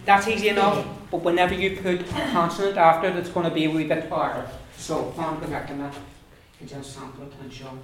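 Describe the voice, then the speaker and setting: A teacher with a Donegal accent leads a pronunciation class, repeating each syllable many times. The voice sits at an ordinary middle pitch. It comes from far off in a very reverberant room with steady noise behind. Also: brisk, few pauses. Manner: patient, repeats sounds many times over. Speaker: language teacher. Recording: very echoey room, mic far off, background noise.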